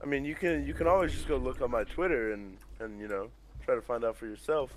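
A man's voice: mid-range voice, fast. A young man posing as a famous streamer in casual gaming chat, answering evasively with plenty of fillers and hesitations. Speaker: hired player posing as a streamer. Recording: noisy game-chat audio with gunfire.

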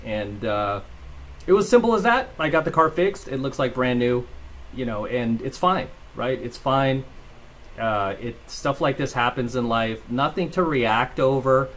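A man's voice: medium pitch, lively intonation, a little slow, a bit bright. A man hosting his own vlog. He rambles through casual commentary and stories, laughs as he talks, and keeps asking "right?". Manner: rambling, tags lines with "right?"; laughs while telling stories. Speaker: channel host.

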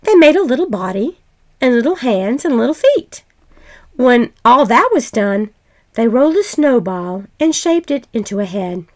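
A woman reading a fairy tale aloud in a gentle, expressive way. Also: a little high, normal speed. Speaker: storyteller.

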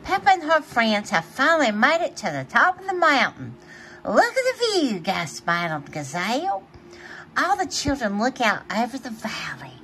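A woman reads a children's storybook aloud in a high, bright voice that swoops up and down. She takes it slow and playful and laughs often between pages. A faint hiss sits under the recording. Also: huge pitch swings. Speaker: storybook reader. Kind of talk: reading a picture book aloud to children.

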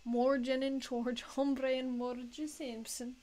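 A woman's voice: high voice, flat delivery, slow pace, warm tone, rough recording. A woman casually chatting and joking at her own expense while she draws on a live stream. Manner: self-mocking, joking, laughs often.

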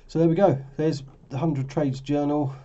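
A forex trading vlogger with a voice on the high side speaks at normal speed with fairly even intonation and a dark tone. Tired and casual, he rambles over his charts on a screen share and keeps correcting himself, all in lo-fi sound.

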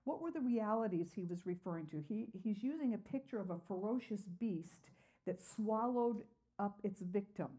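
A woman leads a Bible study lesson in a soft, mellow voice at an everyday pitch. She talks earnestly, peppering her teaching with "uh" and posing questions to the class before answering them herself. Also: animated, moderate pace, husky. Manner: earnest, with frequent "uh" fillers.

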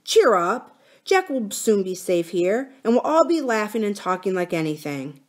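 A woman reading aloud, voicing a brave, practical schoolboy who calms the others in an earnest, steady voice. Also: mid-range voice, normal speed, close to an everyday voice. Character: boy, brave, practical and reassuring.

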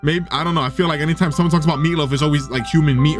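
A young man hosting a let's play, excitable and chatty, cooing and gasping at the game. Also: a little high, racing, soft background music. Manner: excitable, coos and gasps, chatty asides. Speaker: gaming channel host.

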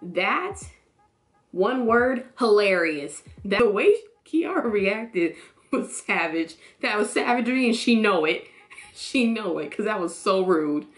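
A woman chatting casually in a vlog, reacting to a TV show with animated, slangy talk. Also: mid-range voice, a little slow. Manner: animated, expressive, jumps into voices of characters.

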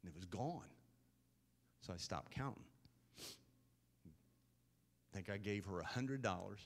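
A man in his fifties, a pastor telling a personal story in a sermon, then building to loud, earnest preaching. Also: sits low, lively intonation, takes it slowly.

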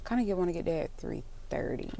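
A young woman talks casually to her viewers, calling them y'all and girl. Her voice is smooth and a little sleepy, set slightly low. A faint hum of background noise sits under her speech. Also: sing-song, fast. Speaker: vlogger. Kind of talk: casual vlog chat while running errands. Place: in a car and stores.

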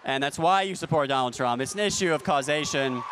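A man doing a stand-up comedy set, with a deadpan, ironic delivery and playful asides to the crowd. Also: fairly high pitch, brisk, background noise. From United States. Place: large convention hall stage. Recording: long hall reverb.

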